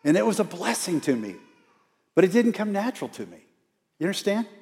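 A man's voice: high-pitched, sing-song, fairly quick, creaky, a little mellow. A man, an outreach minister, preaching a storytelling sermon in a church and coaxing the congregation to repeat lines back to him. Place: church sanctuary. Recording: church hall with long reverb.

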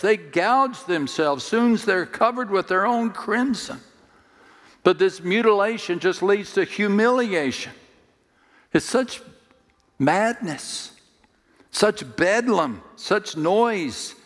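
A man's voice: sits high, fairly bright tone, big-room sound. A man preaching a sermon, telling the story dramatically, with jokes and direct appeals to his listeners. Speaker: pastor.

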